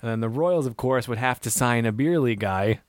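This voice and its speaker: A man's voice: mid-range voice, animated, fairly quick, dry recording. Guy cohosting a hockey podcast, teasing and giving hot takes, normal voice, dry mic. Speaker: podcast co-host. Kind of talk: casual sports podcast banter.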